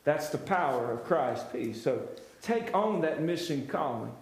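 A man's voice: on the high side, lively intonation, a little slow. A male pastor preaching a sermon, building emphasis through repeated refrains and direct address to the congregation. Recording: very echoey church hall.

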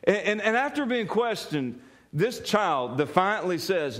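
A man preaching a sermon, telling a story in an animated way, often laughing and repeating words as he goes. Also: a little high, unhurried. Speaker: pastor.

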